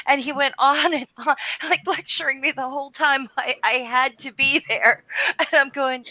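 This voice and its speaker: A woman's voice: high voice, steady tone, moderate pace, bright, forceful tone, dull audio, slight background noise. A woman chatting in a casual group conversation, telling a self-deprecating story.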